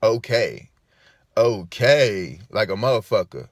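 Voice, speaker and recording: A man's voice: on the low side, very animated, slow pace, no echo, clean studio sound. A man delivering an emphatic, profane vlog rant, hammering his points by repeating them. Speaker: vlogger. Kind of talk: ranting monologue to camera.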